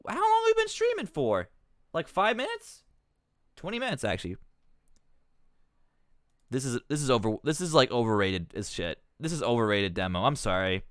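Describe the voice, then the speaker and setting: A man's voice: medium pitch, wildly swooping pitch, normal speed, long pauses, a bit bright, clean tone, dry recording, clean studio sound. A man streaming live, swearing and ranting with exasperation, rambling and cutting himself off as he talks. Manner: rambling, self-interrupting.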